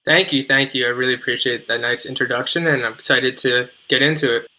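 Bright-voiced young New Jersey man. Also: mid-range voice, steady tone, poor audio. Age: 20s. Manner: earnest, measured storytelling with fillers like "like". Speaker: podcast guest. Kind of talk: podcast interview.

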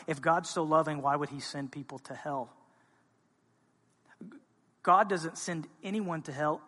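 A man preaching a sermon as a pastor, speaking with passion and moving between quiet, intimate stretches and loud, urgent ones. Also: fairly high pitch, long reverb tail. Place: church sanctuary.

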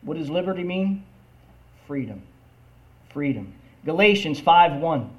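A man preaching a sermon, reading scripture aloud and asking the congregation "Amen?" between slow, emphatic lines. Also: on the high side, lively intonation.

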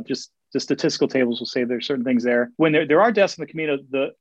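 A man talking fast and eagerly as an interview guest, stumbling over his words and restarting often. The sound is dry and a little dull, like a lo-fi recording. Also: a little high, no room sound. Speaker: guest, Camino walker and author. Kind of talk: casual interview storytelling.

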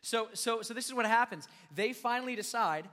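A young man preaches a lively sermon and jokes with his listeners. His voice is high and bright. It carries a long reverb from a large hall. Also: brisk. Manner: animated, joking with the crowd, acting out scenes. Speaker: youth pastor.

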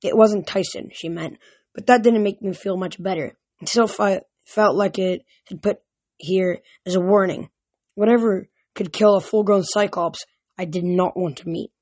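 Amateur audiobook narrator, middle pitch, halting with restarts, dry close mic. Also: steady tone, darkish tone, no echo. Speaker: audiobook reader.

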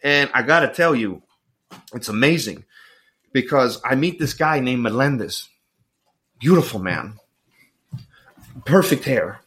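A middle-aged man, a podcast guest, telling stories in an animated, joking way with apologetic asides. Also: mid-range voice, a little slow, pauses often. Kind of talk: casual storytelling chat.

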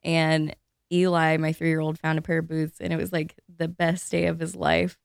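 A woman in her thirties chatting casually as a co-host, a lively storyteller who laughs between her sentences. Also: sits low, normal speed, creaky, clear, resonant tone, no room sound, studio quality. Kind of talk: casual chat.

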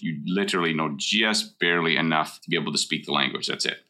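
Middle-aged man, very deep and bright-toned, casual advice talk, emphatic and direct. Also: fast talker, few pauses. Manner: blunt, emphatic, repeats key points. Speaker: mortgage broker.

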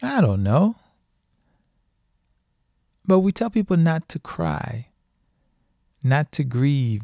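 Man, middle-aged, slow unhurried delivery, warm mellow tone, emphatic repeats, dry close sound. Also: a little high, big pitch swings, gravelly, no echo. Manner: conversational, emphatic, repeats phrases for stress. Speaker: podcast host speaking on divorce and grief. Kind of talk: casual monologue.

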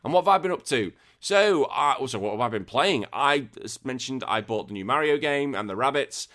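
A man's voice: medium pitch, lively intonation, a little fast, a bit bright. A man hosting a podcast, chatting casually in a rambling, joking way with frequent swearing. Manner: swearing, rambling, jokey tangents. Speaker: podcast host.

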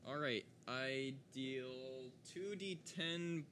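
Casting: unhurried male player, bright tone, hesitant, faint background hum. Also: fairly high pitch. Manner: hesitant, halting. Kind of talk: casual tabletop gaming chat.

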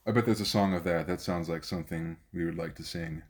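A man's voice: low-pitched, a little fast. A man hosting a podcast, chatting casually with fillers and reading a poem aloud. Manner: relaxed, thinking out loud with fillers. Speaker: podcast host. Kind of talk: casual chat and poetry reading.

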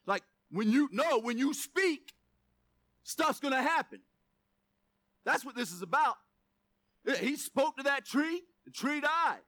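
Bright-voiced male preacher. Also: very high voice, a little slow, dry recording. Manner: animated preaching with casual joking asides. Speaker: pastor. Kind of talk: sermon.

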